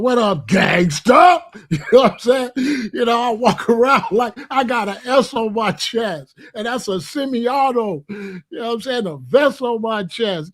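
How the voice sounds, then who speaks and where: A man giving opinionated commentary in a vlog, talking emphatically, repeating himself and using slang. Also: high-pitched. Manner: emphatic, repetitive, slangy, preachy. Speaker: rap commentator.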